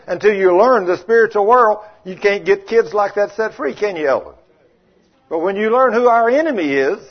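A man preaching a sermon, telling folksy stories and acting out the people in them, swinging from loud rebukes to quiet asides. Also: high voice. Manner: folksy, acts out quoted voices, shifts between loud rebukes and quiet asides. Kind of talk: sermon with storytelling. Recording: muffled lo-fi sermon recording.

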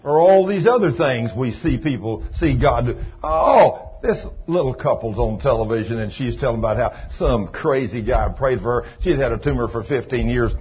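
A man preaching a sermon, telling healing stories in a folksy way that moves from hushed retelling to loud praise. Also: mid-range voice, lively intonation, moderate pace, hardly any pauses, slightly rough. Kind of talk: sermon storytelling. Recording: dull lo-fi recording with faint noise.

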